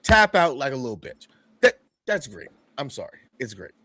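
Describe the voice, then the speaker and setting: Brief: male co-host, halting and laughing, animated pitch, dry sound. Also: no room sound. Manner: halting, with frequent restarts and easy laughter. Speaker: podcast co-host reviewing wrestling. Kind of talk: casual review chat.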